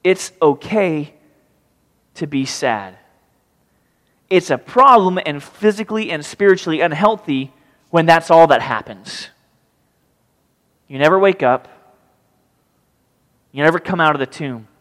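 Animated male pastor in a reverberant hall. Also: a little high, unhurried, long pauses. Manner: animated, acts out pleading voices. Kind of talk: sermon with scripture reading.

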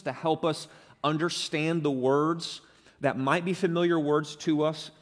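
A male pastor delivers his sermon in an earnest, emphatic way, pressing on the words he wants remembered. His voice sits at an ordinary middle pitch. A long church reverb trails after each phrase.

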